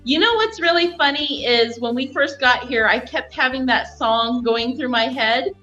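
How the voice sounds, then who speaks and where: A woman's voice: high-pitched, normal speed, pushed and bright, dull audio, faint music behind. A woman chatting casually on a live stream, telling stories and acting out what people say, laughing often. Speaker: guest.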